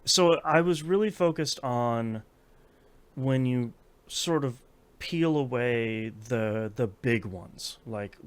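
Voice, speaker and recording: A podcast host in his thirties chats casually, with many fillers and restarts. His medium-pitched voice has a clean tone, and he takes it slowly.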